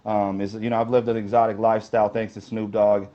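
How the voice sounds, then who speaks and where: A man's voice: on the low side, level tone, fast. Rambling man telling road stories. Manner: rambling anecdotes, leans on "you know". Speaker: interview guest. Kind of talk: casual storytelling. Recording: slightly dull lo-fi sound.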